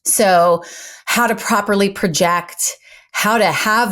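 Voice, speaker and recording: A middle-aged woman, a former news anchor turned speaking coach, talking in an interview with articulate, emphatic and animated delivery. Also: medium pitch, slow pace. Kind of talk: conversational interview.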